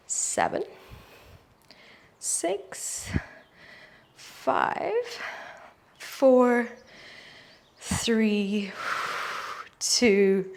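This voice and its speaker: A young woman leading a guided yoga class, giving calm, encouraging cues and counting holds aloud. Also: mid-range voice. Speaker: yoga instructor.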